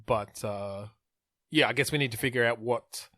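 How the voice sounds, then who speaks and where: A man's voice: mid-range voice, normal speed, bright, forceful tone, no room sound. A man with a mid-range voice hosts a podcast, recorded dry and close. He keeps the brainstorm on track, asking questions and restarting his sentences as he thinks. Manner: steers the talk, asks questions, self-correcting restarts. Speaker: podcast host.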